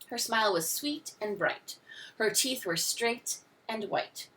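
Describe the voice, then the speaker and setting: A woman's voice: on the high side, lively intonation, takes it slowly, a bit bright, distant mic, a little hiss or hum. Woman reading a storybook aloud expressively. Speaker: teacher. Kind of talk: reading a picture book aloud.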